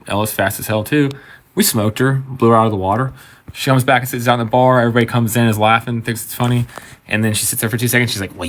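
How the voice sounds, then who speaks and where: Man, bartender, casual storytime, swears freely, mid-pitched. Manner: conversational, swearing, acts out quotes.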